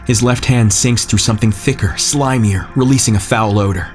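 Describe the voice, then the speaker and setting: A man with a low voice narrates a scripted horror tale at a measured, tense pace. Faint music plays underneath.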